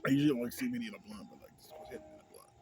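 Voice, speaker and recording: A young man rambling casually and profanely into his phone about a movie, acting out scenes in a higher voice. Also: rapid-fire, warm tone, slight background noise, rough recording. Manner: loose, profane, rambling, acts out scenes in a high voice. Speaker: vlogger. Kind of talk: casual smoke-session movie review.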